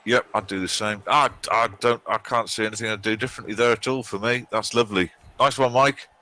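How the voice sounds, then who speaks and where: A man with a low but bright, forceful voice hosts a casual game commentary. He jokes and chats loosely, often restarting his sentences as he thinks aloud about the match. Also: steady tone, fast, poor audio. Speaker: host.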